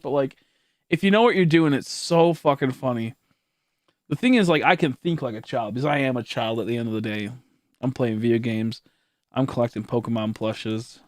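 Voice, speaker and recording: A man's voice: medium pitch, dry recording. Guy in his late 20s streaming, rambly and laughy, swears a lot, dry close sound. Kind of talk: casual livestream chat.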